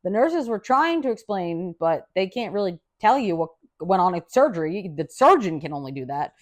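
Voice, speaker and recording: Animated, profane woman telling a story. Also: lowish voice, moderate pace. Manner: animated, profane, acts out quoted dialogue. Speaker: podcast host. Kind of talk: casual storytelling.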